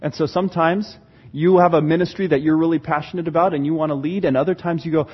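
Husky high-voiced pastor preaching. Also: male voice, fast talker, dull audio. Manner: animated, acts out church members' voices. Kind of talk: sermon.

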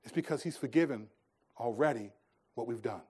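A middle-aged male pastor preaching a sermon, telling stories and swinging between hushed, slow lines and emphatic ones. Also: medium pitch, breathy edge.

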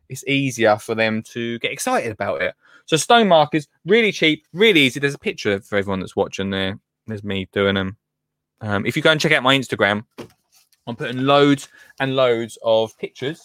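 A man's voice: mid-range voice, a bit bright, dry recording. A man presenting gardening tips on a live stream in a chatty, easily sidetracked way, laughing often. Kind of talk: casual live chat.

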